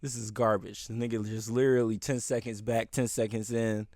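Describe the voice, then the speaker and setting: Gravelly man mocking himself, dry sound. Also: fairly low pitch, little pitch movement, a little fast, a little mellow, no room sound. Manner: mocking, self-deprecating with laughter. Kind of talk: reaction commentary.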